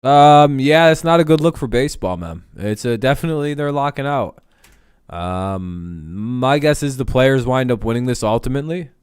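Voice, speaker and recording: A man hosting a casual sports talk stream, swearing freely and rambling bluntly. His voice is smooth and medium in pitch, recorded dry and close. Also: animated, normal speed, a little mellow, no echo. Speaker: host.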